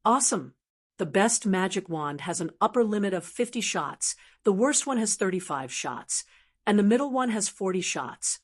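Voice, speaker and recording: A young male mage, wry and quick to excitement, who mutters to himself, as a synthetic female narrator reads him. This is a fantasy audiobook. The voice has a plain middle pitch. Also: close to an everyday voice.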